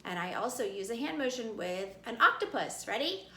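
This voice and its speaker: A woman's voice: on the high side, very animated, sharp tone, reverberant. A woman teaching second graders a phonics lesson, encouraging them and calling out vowel sounds for the class to repeat. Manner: slow, encouraging, calls out sounds with hand motions. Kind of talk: recorded phonics lesson for kids.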